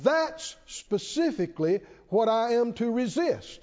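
A man's voice: extremely high pitch, very animated, measured pace, a little mellow. A man preaching a sermon to a congregation, emphatic and repetitive, often asking the listeners questions. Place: church. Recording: dull, lo-fi church hall reverb.

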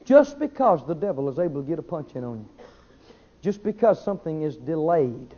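A man preaching a sermon, swinging between shouted declarations and quiet asides. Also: fairly high pitch, very animated, brisk. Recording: dull lo-fi sermon recording.

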